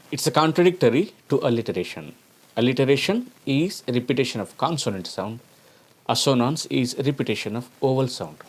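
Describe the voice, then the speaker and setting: A man teaching a recorded lecture on poetry, reading each example slowly twice and then explaining it, asking his students questions along the way. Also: medium pitch.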